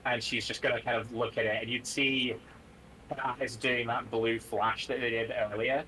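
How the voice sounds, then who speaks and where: A man's voice: medium pitch, flat delivery, normal speed, sharp tone, slight background noise, poor audio. A man narrating as game master of a tabletop game on a live stream, talking casually with plenty of fillers.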